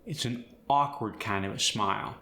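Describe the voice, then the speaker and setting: Bright-voiced man teaching an accent. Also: on the low side, normal speed, roomy sound. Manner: demonstrates example phrases in a put-on accent. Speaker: accent coach. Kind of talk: scripted accent lesson.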